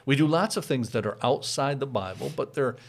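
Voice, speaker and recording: A man's voice: medium pitch, expressive, brisk. A man who is a pastor, explaining church practice in a casual teaching chat, patient, with frequent chuckles.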